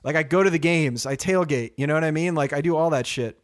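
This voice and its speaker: Young male co-host, slightly higher pitch, blunt and foul-mouthed. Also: fast. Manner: blunt and profane, acts out other people's voices in anecdotes. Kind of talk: casual chat.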